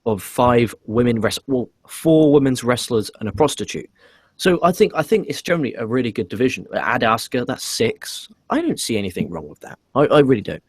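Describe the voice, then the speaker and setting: A man rants through a casual wrestling review with blunt, profane opinions and stuttered restarts. His voice is husky and sits in a middling register. The sound is dry and close. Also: mid-range voice, dry recording.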